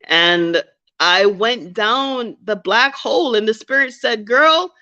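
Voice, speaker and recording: Slow, reflective woman on a dull recording. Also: mid-range voice, pushed and bright. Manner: candid, reflective, repeats phrases for emphasis. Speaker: vlogger. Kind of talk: personal storytelling to camera.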